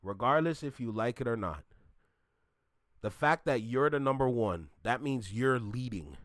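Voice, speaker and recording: A man's voice: medium pitch, animated, a little slow, a bit bright, no echo, clean studio sound. A man from Toronto hosting a reaction video, ranting bluntly and repeating his points for emphasis. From Toronto, Canada.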